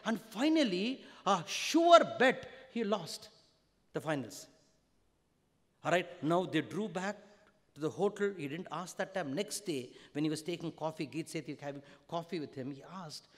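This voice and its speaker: A man with an Indian English accent giving a storytelling discourse to students, swinging between loud emphasis and hushed tones. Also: fairly high pitch. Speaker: spiritual teacher. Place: large university auditorium. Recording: long auditorium reverb.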